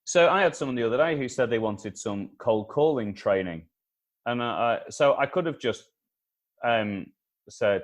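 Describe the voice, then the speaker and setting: Man, consultant, animated interview advice, repeats key points, acts out dialogue. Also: mid-range voice, moderate pace. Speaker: communication consultant, interview guest. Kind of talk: animated advice with acted-out anecdotes.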